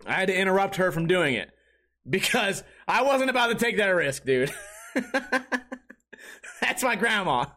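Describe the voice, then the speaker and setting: A man's voice: sits high, big pitch swings, moderate pace, long pauses, pushed and bright. A man hosting a comedy podcast, telling crude, profane stories in a rambling, restart-filled way. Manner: crude, profane storytelling with laughter. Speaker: podcast host and streamer. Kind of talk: comedic casual chat.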